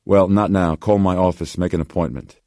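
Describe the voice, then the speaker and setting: Narrator's take on a driven male doctor, urgent, very low voice. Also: fairly even intonation, darkish tone, no room sound, clean studio sound. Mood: curt. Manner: quick, pressing questions.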